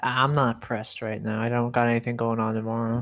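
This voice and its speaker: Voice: medium pitch, little pitch movement, fairly quick, dry recording, soft background music. A player joking casually at a tabletop game. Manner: joking, laughing banter.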